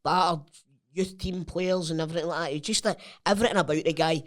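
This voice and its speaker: A man's voice: fairly high pitch, steady tone, quick pace. A Scottish man in casual football chat on a podcast, blunt, sweary and opinionated, recorded in a studio. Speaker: podcast co-host.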